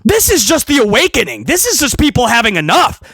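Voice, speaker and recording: High-pitched man ranting sarcastically. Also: huge pitch swings, brisk, gravelly, breathy edge, no room sound. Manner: ranting, sarcastic, shouting at times. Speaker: wrestling commentator. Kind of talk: heated opinion rant.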